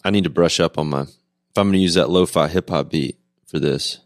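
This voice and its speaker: A man's voice: low voice, fairly quick, no room sound, studio quality. A man hosting a podcast interview, laughing often and talking in a loose, self-deprecating way. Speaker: podcast host. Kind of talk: casual interview chat.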